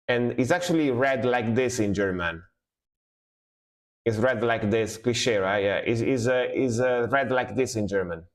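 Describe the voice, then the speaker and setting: A man streaming live music reactions, musing aloud, fumbling over foreign words and cheering the riffs. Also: mid-range voice. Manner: excited exclamations over the music.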